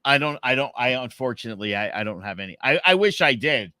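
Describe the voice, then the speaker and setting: A man's voice: medium pitch, lively intonation, quick pace, bright, forceful tone, no room sound, studio quality. A young man co-hosting a casual podcast, telling a story with lots of restarts and acted-out quotes. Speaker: podcast co-host.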